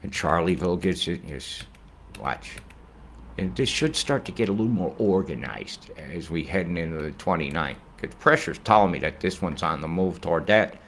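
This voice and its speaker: A man giving a casual weather forecast in a rambling, excitable way, often swearing and slipping into rhymes. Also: low-pitched, normal speed, a little hiss or hum.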